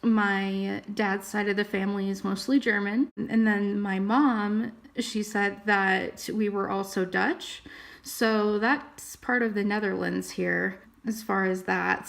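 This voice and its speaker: Chatty young woman with a gravelly edge. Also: medium pitch. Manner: chatty, thinking aloud while reading results. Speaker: vlogger. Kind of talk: casual vlog talk.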